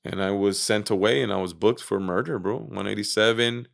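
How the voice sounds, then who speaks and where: A man's voice: lowish voice, brisk, vocal fry. A man being interviewed on a podcast, casually retelling his own story with lots of fillers, swearing and acted-out quotes. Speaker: interview guest.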